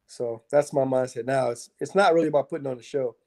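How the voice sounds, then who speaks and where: Speaking at normal speed with a medium-pitched voice, a male mixed martial arts fighter recounts fights as a guest in a relaxed interview, full of energy, cursing, and filler words.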